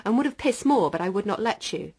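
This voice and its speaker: A woman's voice: mid-range voice, lively intonation, fast talker, darkish tone, breathy edge. A woman reading aloud the quoted words of a three-year-old girl from a historical court record. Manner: quoted in a raised, emphatic reading voice. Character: small girl of three telling her mother.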